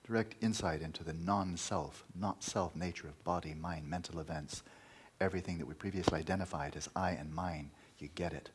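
A man's voice: low-pitched, a little fast, a little hiss or hum. A man teaching meditation in a dharma talk, emphatic, repeating key words and at times dropping to a near-whisper.

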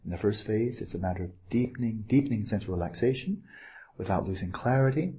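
Male meditation teacher, low mellow voice, gentle and playful, unhurried retreat talk. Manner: gentle, playful, with pauses and asides.

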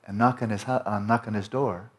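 A man teaching meditation in a relaxed dharma talk, conversational and rambling, with frequent restarts. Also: on the low side, a little fast. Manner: conversational, rambling with many restarts and "you know".

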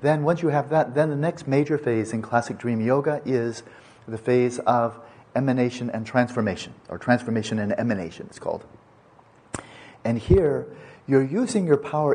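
A man's voice: mid-range voice, mellow, slightly rough. An older man giving an unscripted meditation talk, digressive and playful, often restarting his words. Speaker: meditation teacher. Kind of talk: unscripted dharma teaching.

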